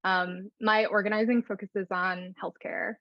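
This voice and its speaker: A woman organizer speaking earnestly and thoughtfully on a panel call, often trailing off quietly. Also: medium pitch, fairly even intonation, a little slow, no echo, dull audio.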